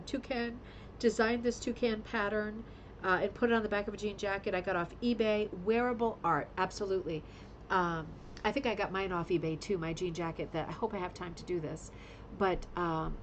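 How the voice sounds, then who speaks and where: A woman's voice: mid-range voice, slight background noise, rough recording. Gushing woman hosting a craft livestream. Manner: gushing, effusive praise, rambling with fillers. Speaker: host of a rug hooking club livestream. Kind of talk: casual livestream show-and-tell. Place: home studio with green screen.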